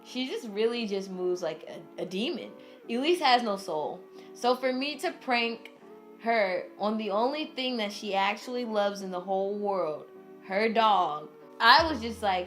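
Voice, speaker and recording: A young adult woman vlogger telling a funny story in a casual, animated way, full of "like" and dramatic re-enactment. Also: mid-range voice, measured pace, soft background music.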